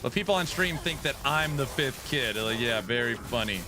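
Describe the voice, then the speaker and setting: A man's voice: mid-range voice, lively intonation, moderate pace, noisy background. A man in his thirties streaming a game live, chatting and teasing in joking banter while he plays. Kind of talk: live gaming stream chat.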